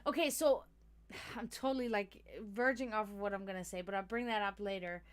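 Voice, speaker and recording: A woman's voice: mid-range voice, a little fast, clean tone. A woman hosting a casual livestream, rambling freely, swearing a lot and laughing often as she talks. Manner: chatty, profane, laughs often. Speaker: livestream host.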